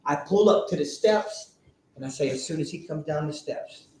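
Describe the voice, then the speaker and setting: Animated man in echoey hall. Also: fairly high pitch, moderate pace. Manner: animated storytelling, rising to shouts. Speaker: speaker sharing a recovery story. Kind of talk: testimony to a live audience. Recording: very echoey room, faint noise.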